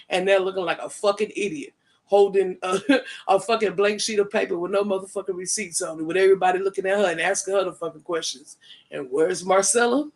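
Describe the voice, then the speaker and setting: A man's voice: high-pitched, fairly quick. A man hosting a casual live stream, greeting viewers by name and talking in a chatty, profane way with frequent laughter. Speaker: live-stream host reading chat.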